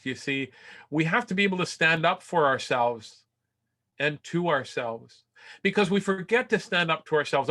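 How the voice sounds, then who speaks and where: A man giving a motivational talk, telling a personal story with animated, self-deprecating humor and acting out what others said, then turning soft and earnest. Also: on the high side. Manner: turns soft and earnest in emotional passages. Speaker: keynote speaker.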